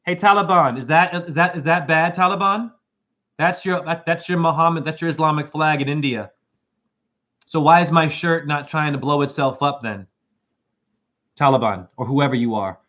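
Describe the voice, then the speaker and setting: A man hosting a spiritual video, rambling in an erratic, free-associating monologue with shouted asides. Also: a little high, normal speed.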